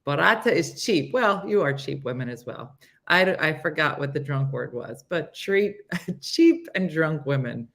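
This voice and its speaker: A woman's voice: sits low, lively intonation, normal speed, a bit bright. A middle-aged woman hosting a casual morning show, playful and laughing as she stumbles over foreign words. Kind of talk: casual live-stream chat.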